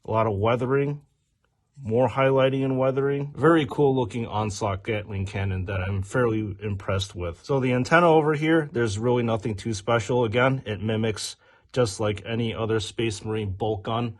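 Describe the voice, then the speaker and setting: Casting: an upbeat male review host with a mid-pitched, chatty delivery. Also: moderate pace. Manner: upbeat, detail-focused commentary. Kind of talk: casual product review.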